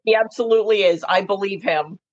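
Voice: mid-range voice, fairly quick, highs cut off, slight background noise. A co-host in a casual chat, joking playfully about what the chat says.

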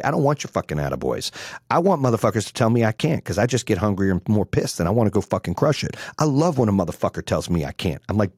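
A man's voice: lowish voice, big pitch swings, fast, darkish tone, breathy edge, dry recording, clean studio sound. Brash, profane motivational man in his forties. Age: 40s. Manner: brash, blunt and swearing. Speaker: business coach.

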